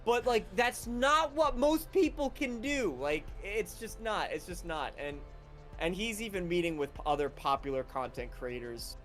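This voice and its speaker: A man with a fairly high voice co-hosts a casual gaming podcast. He talks emphatically and repeats his points for stress. Faint music plays behind him. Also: normal speed, fairly bright tone. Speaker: podcast co-host.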